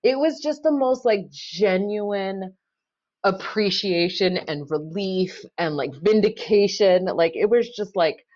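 A woman's voice: mid-range voice, slow, a little mellow, highs cut off. A woman public defender speaking casually and candidly in a podcast interview, with many fillers.

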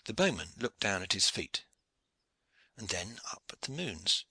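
Male audiobook narrator; bright, expressive, dry close sound. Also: deep voice, normal speed, husky, no room sound. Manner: steady storybook reading.

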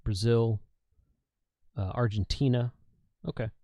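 A man hosting a livestream, talking casually in a relaxed way and laughing often. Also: medium pitch, slow, no echo, clean studio sound. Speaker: livestream host.

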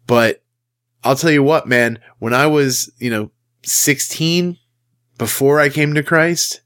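A man's voice: mid-range voice, takes it slowly, a bit bright. A man giving a casual sermon in a conversational, emphatic way, acting out the quotes he tells. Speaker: Christian speaker.

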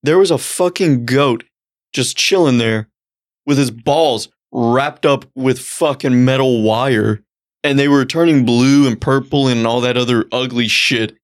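Profane, excitable storytelling man. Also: a little slow. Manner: profane, rambling storyteller with big excited pitch jumps. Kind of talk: casual chat.

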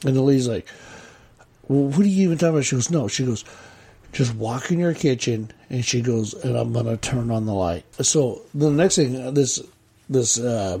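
A man's voice: mid-range voice, lively intonation, moderate pace, vocal fry, mellow, breathy edge. A middle-aged man chatting casually as a podcast co-host, rambling through stories and acting out what others said. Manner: rambling, repeats himself, quotes others. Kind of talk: casual chat, storytelling.

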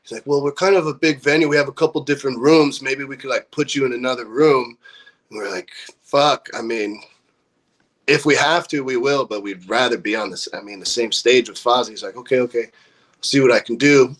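With a medium-pitched voice and a fairly quick pace, this young man from a California band swears his way through an animated story. He acts out the quotes as he casually tells it.

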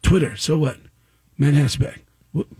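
A man, a comedian, telling a comic story on a radio show and acting out other people's voices with gasps and shouts. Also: a little high, fairly even intonation, normal speed, slightly rough. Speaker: stand-up comedian guest.

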